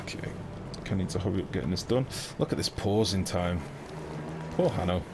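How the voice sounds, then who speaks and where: A young man commentating casually on a live game stream, chatty and excitable, swearing freely and talking to his chat. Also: low voice, fairly quick, noisy background.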